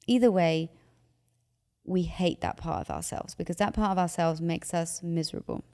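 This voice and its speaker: A woman's voice: fairly low pitch, normal speed, long reverb tail. A woman giving emotional advice in conversation, animatedly acting out anxious thoughts. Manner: animated, acts out anxious inner voices.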